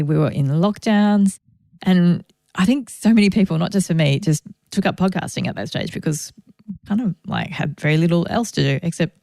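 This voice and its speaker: An Australian woman hosts a solo podcast, speaking reflectively and conversationally with grateful asides. Her voice is low and darkish, captured in clean studio sound with no room sound.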